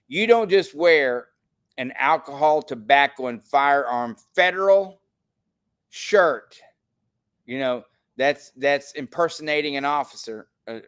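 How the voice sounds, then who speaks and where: A man's voice: mid-range voice, measured pace, fairly bright tone, clean tone. An older man from Texas hosting a casual livestream, talking in a rambling, indignant way with frequent restarts. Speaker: show host.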